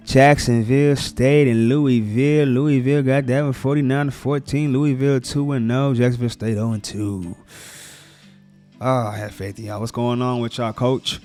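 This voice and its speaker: A man giving a casual, slangy recap of college football scores, hyping players and teams. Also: mid-range voice. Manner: slangy, excited hype talk. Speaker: sports vlogger.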